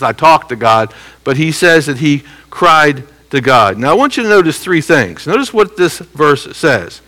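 Bright-voiced man teaching scripture. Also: fairly high pitch, rough recording. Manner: conversational teaching with frequent "okay?" check-ins; repeats key phrases slowly for emphasis. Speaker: Bible teacher. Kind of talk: expository Bible teaching.

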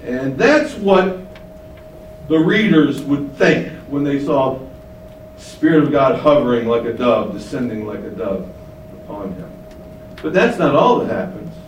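A man preaching a Bible teaching sermon, swinging between emphatic rises and quiet low asides. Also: lively intonation, unhurried, slight background noise. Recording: echoey room, voice from a distance.

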